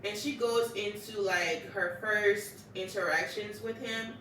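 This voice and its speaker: A woman casually recapping anime episodes in a chatty, animated way, acting out the characters and exclaiming "child.". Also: medium pitch, a little slow, slight background noise. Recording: echoey room, distant mic.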